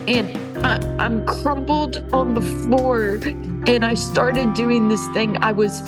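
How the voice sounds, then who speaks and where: A woman telling her own story of a painful relationship, halting and emotional, with frequent restarts. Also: medium pitch, rough recording. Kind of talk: personal testimony.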